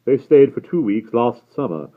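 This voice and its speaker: Storybook figure: aloof old great-uncle, clipped and cool, voiced by a male reader, raised pitch, phone-quality audio. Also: sing-song, normal speed. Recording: tinny phone-like sound.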